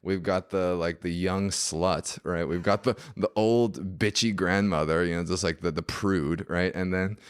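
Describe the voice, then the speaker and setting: Man with a very low voice, podcast guest, animated casual storyteller. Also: measured pace, hardly any pauses, clear, resonant tone. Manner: animated, many fillers like "like".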